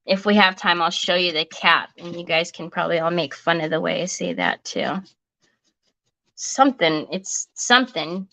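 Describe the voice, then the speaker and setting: A woman's voice: on the low side, normal speed, gravelly, sharp tone, low-quality recording. A woman hosting a crafting livestream, chatting casually and joking at her own expense while she works. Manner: chatty and self-mocking, often laughing.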